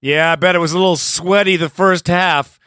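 A man's voice: high-pitched, steady tone, normal speed, bright, forceful tone, a little hiss or hum. A man hosting a call-in fan podcast, upbeat and chatty, laughing easily between calls. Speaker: podcast host.

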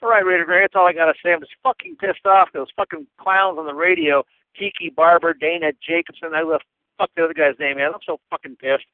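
A man's voice: on the high side, fast talker. A man from Minnesota calling in as a fan, cursing and complaining in a fed-up way. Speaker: fan caller. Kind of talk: angry fan voicemail. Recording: tinny phone line.

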